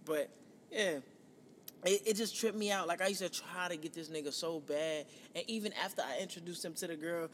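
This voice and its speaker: Casual podcast host, man from New York, 30s, high voice, reverberant room with a faint rumble. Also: fairly quick. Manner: profane, animated storyteller, quoting himself. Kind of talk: casual storytelling chat.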